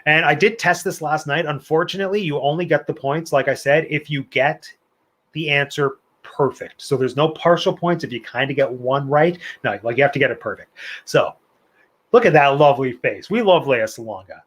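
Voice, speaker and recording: Chatty, slightly high-voiced male trivia host. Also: moderate pace, fairly bright tone, husky. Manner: chatty and playful, with asides and opinionated rants. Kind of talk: live-streamed trivia hosting.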